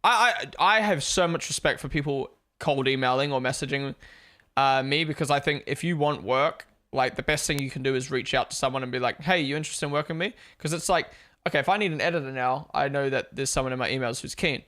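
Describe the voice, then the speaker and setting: A man's voice: medium pitch, fairly quick, bright, forceful tone. A young man with a mixed Australian and New Zealand accent, hosting a live watch-along stream in casual, sweary chat, answering his viewers. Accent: Australian-New Zealand blend. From born in Australia, raised in New Zealand.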